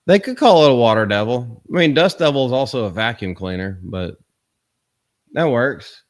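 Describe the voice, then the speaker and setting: A man in his thirties hosting a casual live stream, teasing and bantering quickly. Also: medium pitch, animated. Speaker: streamer host. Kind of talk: casual joking chat.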